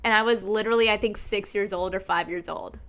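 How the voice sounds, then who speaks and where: A woman's voice: medium pitch, fast, fairly bright tone. A woman in her twenties chatting candidly as a podcast host, swearing freely and often breaking into giggles. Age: 20s. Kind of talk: casual chat.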